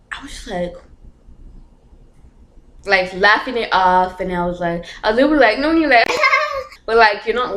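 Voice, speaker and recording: Chatty young woman in echoey room. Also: medium pitch. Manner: chatty, filler-heavy, nervous laughs. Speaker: vlogger. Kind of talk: casual storytime.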